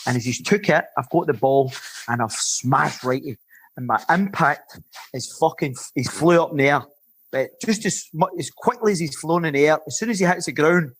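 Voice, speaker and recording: A Scottish man in his fifties, a former footballer and podcast guest, telling lively rambling stories and swearing freely. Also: fairly high pitch. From Scotland. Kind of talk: casual anecdotal storytelling.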